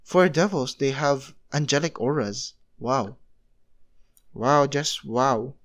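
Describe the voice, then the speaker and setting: A man's voice: mid-range voice, takes it slowly. A man voicing an astonished angel who exclaims and gushes, in a fan story read aloud. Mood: amazed. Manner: excitable, exclaiming. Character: astonished, gushing angel guard.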